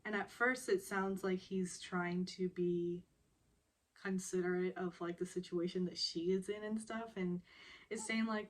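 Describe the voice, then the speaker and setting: A woman's voice: medium pitch, fairly even intonation, unhurried. A young woman recapping a television drama episode in a casual, chatty way, laughing often and acting out the characters' lines. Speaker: recap vlogger.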